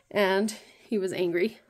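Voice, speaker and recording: A woman in her thirties chatting casually in a home vlog, rambling with lots of fillers. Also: medium pitch. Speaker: vlogger.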